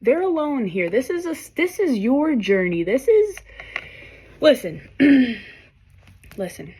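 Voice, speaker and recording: Animated woman giving a swearing tarot reading. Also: sits high, a little slow, slightly rough. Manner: animated, swearing freely, talks straight to viewers. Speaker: tarot reader. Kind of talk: casual tarot reading to camera.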